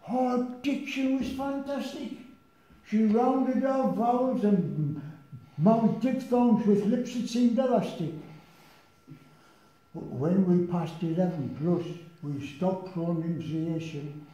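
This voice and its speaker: An elderly man plays a wry young Geordie soldier in a comic poem. The dialect is broad and lilting, the delivery unhurried. The recording is echoey and a little dull, from a village hall. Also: sits high, warm tone, voice pushed up. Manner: broad dialect delivery, raised and sing-song.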